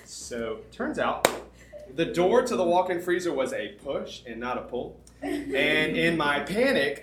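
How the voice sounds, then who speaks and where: A man preaching to a camp crowd, telling a comic story with dramatic pauses, laughs and sudden shouts. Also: on the high side, very animated. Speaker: camp speaker. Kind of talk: storytelling sermon. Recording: echoey room, faint background noise.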